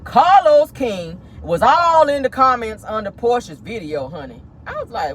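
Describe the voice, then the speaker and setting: A woman with a slightly high voice hosts a celebrity gossip vlog, her pitch swinging widely at a moderate pace with few pauses. She's sassy and petty, calling listeners "honey" and "child," over slight background noise.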